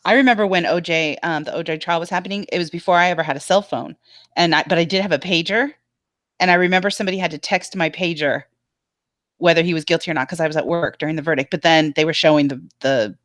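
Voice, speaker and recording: A woman hosting a casual panel chat over a video call, enthusiastic and quick to agree. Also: low voice, fairly bright tone, dry recording, clean studio sound. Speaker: panel host.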